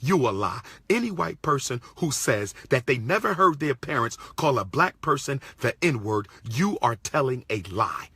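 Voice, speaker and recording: A man's voice: mid-range voice, very animated, normal speed, hardly any pauses, sharp tone, husky, no echo. A man from Pennsylvania giving an indignant commentary, repeating his points and firing off rhetorical questions. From Pennsylvania, USA. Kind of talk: impassioned monologue.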